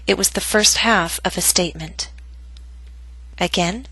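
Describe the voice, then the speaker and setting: A woman's voice: lowish voice, measured pace, long pauses, pushed and bright, husky, no echo, low-quality recording. Woman teacher narrating a pronunciation lesson, patient and carefully articulated, dry close sound. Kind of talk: scripted instructional narration.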